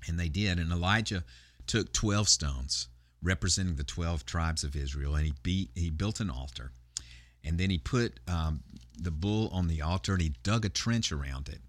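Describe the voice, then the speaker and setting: A man's voice: low-pitched, moderate pace, dry recording. A male pastor retelling a Bible story in a sermon, talking conversationally with frequent fillers and restarts.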